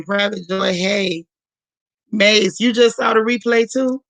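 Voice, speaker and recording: A woman hosts a live stream with a hoarse, gravelly voice. She chats casually and greets viewer after viewer by name. The sound is dry, with no room echo. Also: mid-range voice, fairly even intonation, a little slow, a bit bright. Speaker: livestream host.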